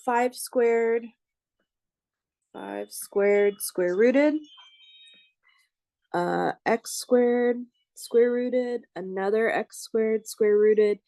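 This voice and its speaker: Working problems on a board, a woman professor narrates her algebra steps in a slightly high, gravelly, warm voice. She draws out her words and leaves long pauses, stopping at times to check on her students. No echo is heard.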